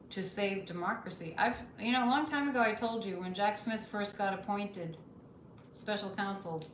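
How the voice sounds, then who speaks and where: A woman's voice: mid-range voice, measured pace, reverberant, slight background noise, rough recording. A woman hosting a psychic livestream, chatting casually, reading viewer comments and repeating phrases for emphasis.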